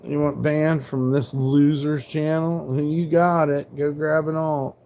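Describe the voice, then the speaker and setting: This is a man in his forties hosting a live stream, with a somewhat high-pitched voice. He talks straight to his chat, combative and heavy on profanity as he spars with trolls. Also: level tone, slow, a little mellow. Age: 40s.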